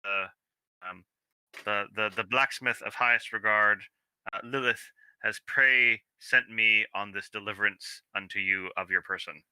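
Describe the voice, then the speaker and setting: Tabletop player character: a pompous, bowing courier, as a man voices him, slow and halting, with a low, sharp tone. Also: steady tone, smooth, no echo, rough recording. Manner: slow, halting, mock-grand phrasing. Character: formal, overly courteous adventurer on a delivery.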